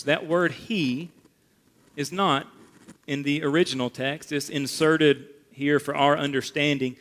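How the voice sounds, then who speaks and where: A man preaching a sermon as pastor, emphatic, rising for stress and dropping low and quiet to make a point. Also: fairly even intonation, unhurried. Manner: emphatic, rises and drops for effect.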